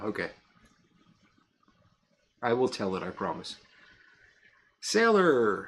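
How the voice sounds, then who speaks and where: A man's voice: medium pitch, fairly bright tone. A man hosting a casual live stream, reading out viewer comments, chuckling often and rambling a little. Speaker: host of a live pipe-smoking stream.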